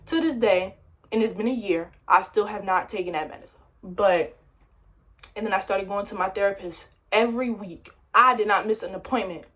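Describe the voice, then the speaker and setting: A young woman telling a personal story to camera in a casual, slangy way. She acts out what she said, with louder, higher bursts. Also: normal speed. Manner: animated retelling, quoting herself in louder, higher bursts; slangy, conversational. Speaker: vlogger.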